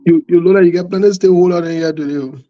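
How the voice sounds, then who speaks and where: A man's voice: sits high, steady tone, very fast. A man joining a casual live stream, pressing his points insistently and repeating them. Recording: dull lo-fi call audio.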